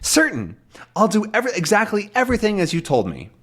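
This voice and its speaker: An eager, brave young hero from a comic book, played by a man in a raised, lively voice. He sounds bright and keen to set off. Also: high-pitched, fast, breathy edge, pitched above the performer's own voice, full character voice.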